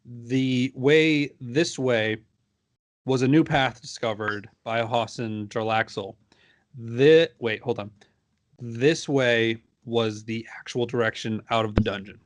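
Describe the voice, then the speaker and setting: Man, dungeon master, laid-back, joking, mid-pitched voice. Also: a little slow, no room sound. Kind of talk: narrating a tabletop game.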